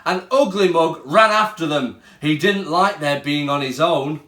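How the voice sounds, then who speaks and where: A male primary school teacher reading a picture book aloud to children in slow, expressive storytelling. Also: a little high, slight background noise. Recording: roomy room echo.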